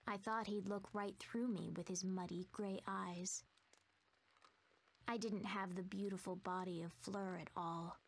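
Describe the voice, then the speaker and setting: A woman narrating a video game in a soft, hushed, fearful storytelling manner, voicing a timid young female narrator. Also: medium pitch, fairly even intonation, unhurried, breathy edge.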